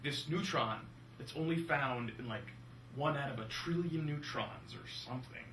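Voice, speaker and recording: A young man co-hosting a casual movie-review chat, animated and jokey. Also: medium pitch, normal speed, slight background noise. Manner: animated, jokey, slips into silly voices. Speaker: film review podcast co-host. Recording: roomy room from a distance.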